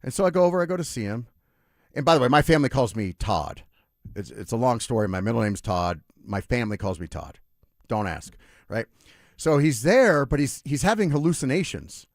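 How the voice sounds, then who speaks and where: A man's voice: mid-range voice, fairly quick, dry recording. A man hosting a sports radio show, telling stories casually and animatedly with lots of asides, on a studio microphone. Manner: animated storyteller, lively with asides. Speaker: radio sports talk host.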